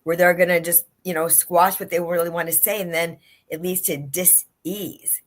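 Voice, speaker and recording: A woman's voice: fairly low pitch, little pitch movement, fairly quick. A woman life coach speaking earnestly in a livestream interview over a video call, repeating her key phrases for emphasis. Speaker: guest, life and leadership coach. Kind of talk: livestream interview, motivational talk.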